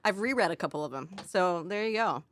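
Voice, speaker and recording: A woman's voice: fairly low pitch, expressive, fairly quick, a bit bright, a little hiss or hum. Playful woman radio host. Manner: playful, enthusiastic. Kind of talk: casual radio interview.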